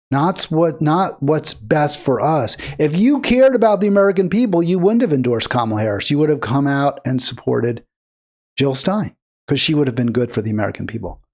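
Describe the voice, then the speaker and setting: A man's voice: a little high, sing-song, normal speed, darkish tone. Indignant male political commentator. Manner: indignant, emphatic, rising to heated bursts. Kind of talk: reacting to clips with commentary.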